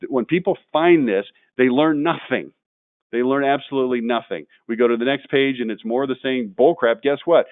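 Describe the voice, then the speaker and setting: A blunt man runs a marketing webinar and gets fired up as he picks apart weak examples. His voice sits at an ordinary pitch. It comes through a narrow, phone-like line with no room sound at all. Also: fairly quick, dry recording. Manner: blunt, gets worked up and ranting. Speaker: webinar presenter.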